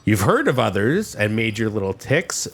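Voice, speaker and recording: Lively, playful man running a game. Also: fairly low pitch, normal speed. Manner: playful, laughs often. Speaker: game master. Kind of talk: narrating a tabletop game.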